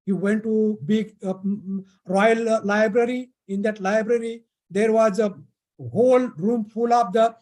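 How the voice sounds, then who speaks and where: Storyteller, folk tale for kids, halting, restarts, middle pitch. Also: steady tone, darkish tone. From India. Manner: halting, many pauses and restarts. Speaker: storyteller at a youth camp. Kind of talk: telling a folk tale to children.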